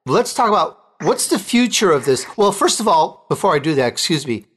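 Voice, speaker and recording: A male host interviewing a guest in an enthusiastic, joking, excitable way. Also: fairly high pitch, brisk, breathy edge. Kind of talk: interview, casual chat.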